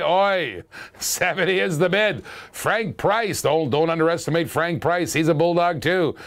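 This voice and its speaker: A man's voice: a little high, a bit bright. A man hosting a live-streamed auction, calling bids with repeated catchphrases, chatting to viewers and chuckling often.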